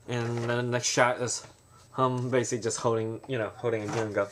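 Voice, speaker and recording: A man who is an amateur filmmaker, pitching a trailer in a loose, rambling way. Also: level tone, fast talker, a bit bright, a little hiss or hum. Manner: rambling, full of fillers and restarts.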